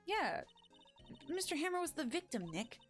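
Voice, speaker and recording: Excitable young female sidekick, bubbly, pitched up, a woman doing the voice. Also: moderate pace, soft background music. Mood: excited.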